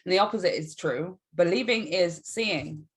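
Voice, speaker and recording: A woman's voice: lowish voice, normal speed. A woman giving a casual tarot reading to camera, emphatic and encouraging, often checking in with "right?". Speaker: tarot reader.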